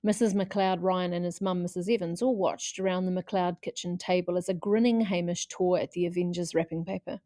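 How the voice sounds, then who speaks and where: A woman reading a children's chapter book aloud in a lively way, putting on voices for the characters. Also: lowish voice, fairly quick, few pauses, no room sound, studio quality. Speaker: audiobook reader.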